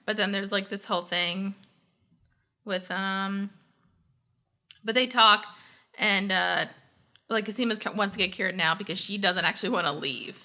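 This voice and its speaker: A young woman talks through a TV episode as a podcast co-host, full of "like" and little acted-out quotes. Her voice is bright and sharp. It stays casual and conversational. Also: medium pitch, steady tone, measured pace, pauses often. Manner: chatty, heavy use of "like", acts out characters' lines. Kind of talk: casual recap chat.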